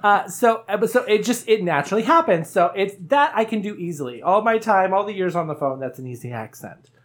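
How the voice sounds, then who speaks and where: A woman's voice: medium pitch, fairly quick. Chatty, laughing woman podcast host. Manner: laughing, rambling, animated. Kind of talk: casual chat with friends.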